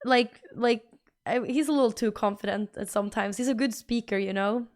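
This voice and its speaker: Chatty woman streamer, slightly high voice. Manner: rambling, chatty, halting with fillers. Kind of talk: casual stream chat.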